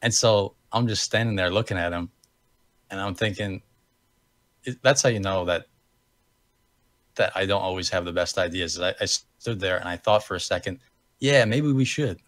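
Here a young man from the US co-hosts a podcast in a deep, steady, slightly bright voice, speaking at normal speed with long pauses. No room sound is audible. He rambles through a casual story, correcting himself and laughing at himself as he goes.

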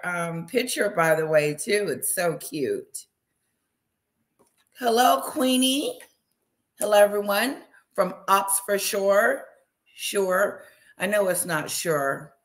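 A woman hosting a casual livestream, warmly greeting viewers by name, bubbly and chatty. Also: medium pitch. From Wisconsin. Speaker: livestream host. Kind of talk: casual live chat with viewers.

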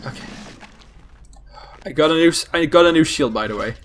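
A man giving let's-play commentary, excitable and panicky, swearing often at the game. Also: a little high, fairly quick, pauses often. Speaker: gaming channel host.

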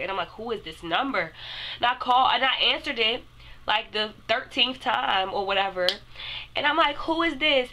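Animated young woman telling a storytime. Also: on the low side, a little hiss or hum. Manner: animated, addresses viewers as "y'all". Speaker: vlogger. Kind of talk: casual storytime.

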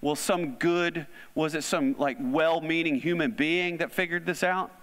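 A man's voice: on the high side, unhurried, fairly bright tone, in a large hall. A man preaching a conversational sermon as a pastor, often asking the congregation questions. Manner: conversational, asks the audience questions. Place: church hall.

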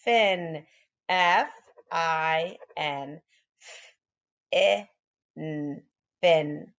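A woman with a low-pitched voice teaches young children phonics, slowly sounding out letters and praising them. She seems a little sleepy and yawns, and the audio is dull.

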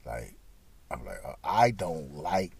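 A man telling a crude story in a rambling, profane way, dropping to mutters and then bursting loud. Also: extremely low pitch, big pitch swings, slow, gravelly, slightly rough.

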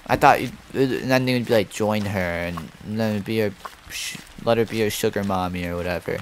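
A man playing a horror game, jumpy and swearing, reacting out loud to what happens on screen. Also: fairly low pitch, brisk, background noise. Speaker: gaming streamer.

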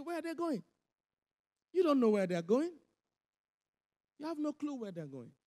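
A man preaching a sermon as pastor, animated and emphatic, repeating his points and laughing between them. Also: very high voice, creaky. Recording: church hall reverb.

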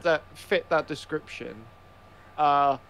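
A man's voice: on the high side, slow pace, fairly bright tone, slight background noise. A man streaming a video game, talking casually in a rambling, hesitant way. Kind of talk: casual gaming chat.

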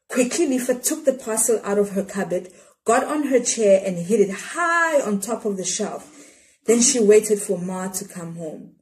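A woman reads a children's picture book aloud, shaping each phrase expressively. She leans into dramatic pauses at a mid-range pitch. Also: expressive, a little mellow. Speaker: storyteller. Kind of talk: children's storybook read-aloud.

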